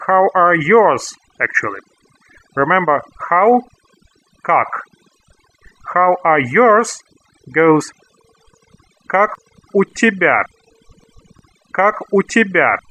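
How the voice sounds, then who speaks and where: A man teaching a language lesson, slowly repeating each word for learners. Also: fairly high pitch, pushed and bright, slight background noise, rough recording. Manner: slow, careful repetition of words for learners. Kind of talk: scripted language lesson narration.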